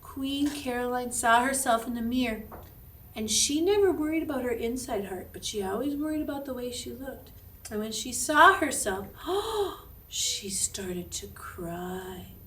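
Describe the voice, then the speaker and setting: A woman music teacher telling a story to children in an animated way, often asking the listener questions. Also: a little high, normal speed, slight background noise. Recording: echoey room, from far off.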